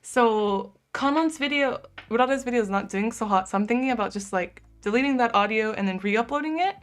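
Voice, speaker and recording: A woman's voice: on the high side, a little fast. A young woman from the United States with a lisp, chatting casually on a live stream, giggling often and saying "like" a lot. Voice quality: lisp, speech impediment. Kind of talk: casual chat reading viewer comments.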